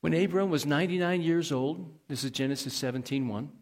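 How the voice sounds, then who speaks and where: Conversational male pastor, slightly high voice. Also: brisk, vocal fry. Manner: conversational, asks the congregation questions. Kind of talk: sermon.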